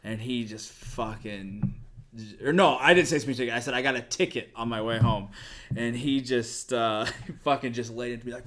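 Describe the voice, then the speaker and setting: A man's voice: medium pitch, normal speed, a bit bright. A young man co-hosting a podcast, telling a prank story in casual chat, swearing and laughing a lot. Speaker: podcast co-host.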